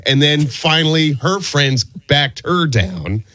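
A man co-hosting a radio show in casual chat, talking in an indignant, expressive way. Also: fairly high pitch, slow, dry recording.

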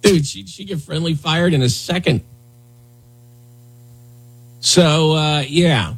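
A male morning radio host with a husky voice talks loosely and sarcastically. He rambles and uses lots of fillers as he comments. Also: on the high side, slow. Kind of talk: casual talk radio commentary.

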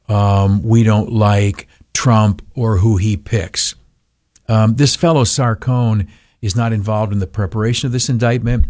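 A man's voice: lowish voice, a little mellow, dry recording, clean studio sound. A male talk radio host giving blunt, opinionated commentary, rambling with many ums and uhs. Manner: rambling, heavy fillers, blunt.

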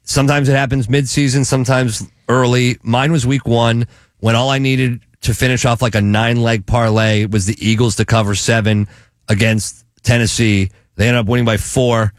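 A man hosting a sports betting show, talking picks in a chatty, enthusiastic way with halting restarts. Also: medium pitch, fairly even intonation, no room sound, studio quality. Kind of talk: casual sports betting chat.

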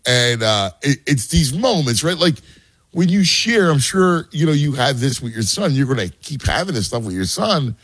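A man's voice: medium pitch, sing-song, moderate pace, fairly bright tone, husky, no echo. A man who coaches youth baseball and has a son, chatting casually and explaining game strategy with many restarts. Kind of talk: casual podcast chat.

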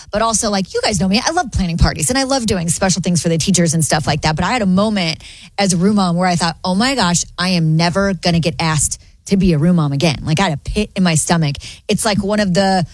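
A woman's voice: fairly low pitch, no echo. A woman in her thirties, a radio show co-host, telling a story in casual chat and acting out quoted voices. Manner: animated storyteller, acts out quoted voices, laughs often.

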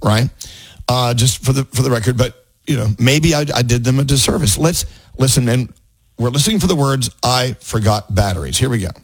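A man's voice: mid-range voice, a little fast, slightly rough, dry recording. A man hosting a radio show, joking and laughing with his co-hosts and a caller. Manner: animated, laughing, playful. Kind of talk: casual morning radio banter.

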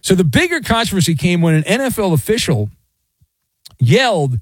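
A man's voice: high-pitched, wildly swooping pitch, a little slow, no room sound. A middle-aged man hosting a sports talk radio show, sarcastic and theatrical. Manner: sarcastic, theatrical, mocking voices.

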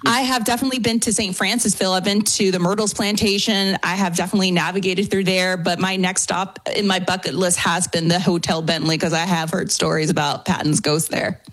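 A woman's voice: on the low side, fairly quick, few pauses. A woman from New Orleans with a New Orleans accent, a paranormal investigator answering questions as a talk show guest. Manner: warm, animated, laughs easily.

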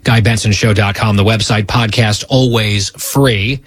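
A man's voice: on the low side, fairly even intonation, a little slow, breathy edge, no room sound. A man hosting a radio talk show, bantering with a co-host in a wry, teasing way.

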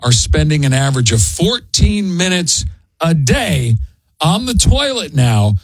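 Husky-voiced male radio host. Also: fairly high pitch, big pitch swings, a little slow, no echo. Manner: jokey, addresses listeners as guys. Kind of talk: casual morning radio banter. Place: radio studio. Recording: dry studio mic.

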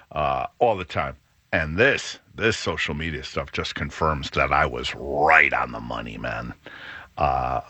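A man's voice: on the low side, bright, forceful tone, no echo. A middle-aged man hosting a podcast, telling a rambling, self-deprecating story with many restarts. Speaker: podcast host. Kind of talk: casual monologue.

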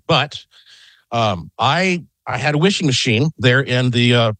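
A middle-aged man, a guest on a call-in radio interview, telling an excited, rambling story from his home. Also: mid-range voice, moderate pace, no room sound. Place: home in Las Vegas.

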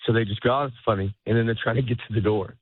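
A comedian talking as a guest in a casual interview, rambling and cutting himself off, laughing often. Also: male voice, lowish voice, little pitch movement, racing, slightly rough, dry recording. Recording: tinny phone-like line.

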